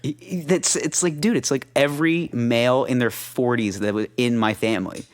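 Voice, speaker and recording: A man's voice: mid-range voice, normal speed. A man co-hosts a loose podcast conversation. He talks in a rambling, easygoing way, trailing off and restarting. He laughs often and swears casually. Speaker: podcast co-host. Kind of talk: casual chat.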